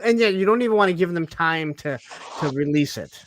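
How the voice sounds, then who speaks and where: A man's voice: fairly high pitch, expressive, fairly quick, slight background noise. A man telling a story in a casual group chat, stammering on restarts and swearing now and then. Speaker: podcast co-host.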